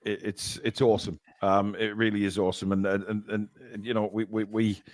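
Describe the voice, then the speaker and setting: A man's voice: fairly low pitch, level tone, a little fast, no echo, studio quality. A man in his fifties hosting a live stream, rambling through comments with many fillers and restarts. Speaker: host. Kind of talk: live stream chat, reading viewer comments.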